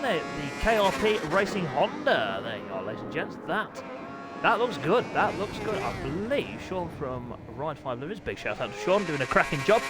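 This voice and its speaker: A middle-aged man, hosting and commentating a motorbike racing game live, excitable and quick to break into shouts and laughter. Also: high voice. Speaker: gaming channel host and race commentator.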